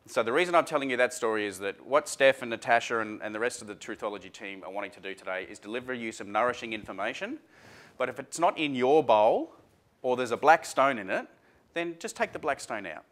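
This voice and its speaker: A man's voice: medium pitch, animated, quick pace, a bit bright. A man presenting a workshop seminar to a live audience in a chatty, informal way, full of fillers and restarts. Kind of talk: casual workshop talk.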